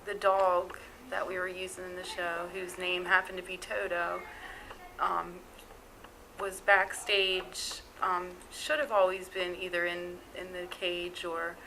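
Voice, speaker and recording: Flat, gravelly-voiced woman. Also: lowish voice, slow pace, a little hiss or hum, poor audio. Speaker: interviewee. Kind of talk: interview anecdote.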